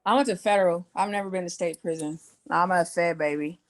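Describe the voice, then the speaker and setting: Blunt, profane young woman telling her story. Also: on the low side. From Indiana. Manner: candid and profane, swearing freely, quick asides, many fillers. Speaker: guest. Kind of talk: casual interview storytelling.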